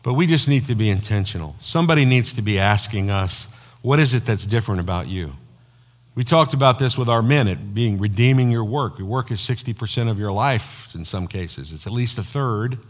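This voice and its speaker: A man preaching a sermon as pastor, telling personal stories in an animated way. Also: medium pitch, a little fast. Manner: storytelling, animated, acts out quoted voices. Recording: long hall reverb.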